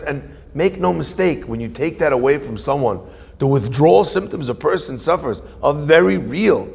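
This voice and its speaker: Rabbi giving a sermon, fairly high and gravelly, storytelling with loud-soft swings, long hall reverb. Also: male voice. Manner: storytelling, emphatic, animated swings between loud and hushed.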